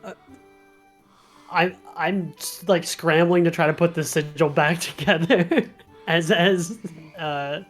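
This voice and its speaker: A woman's voice: fairly low pitch, takes it slowly, faint music behind. A woman playing a tabletop game, speaking hesitantly with stammers. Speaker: player. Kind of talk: casual play at a tabletop game.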